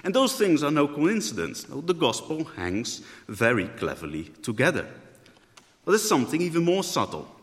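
Animated preacher in an echoey hall. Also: male voice, on the high side, normal speed. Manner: thoughtful, often rephrases mid-sentence. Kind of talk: sermon.

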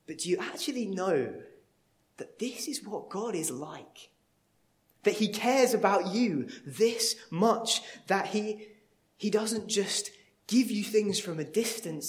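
Pastor preaching; earnest, animated storyteller, voice on the higher side. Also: male voice, unhurried. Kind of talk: sermon.

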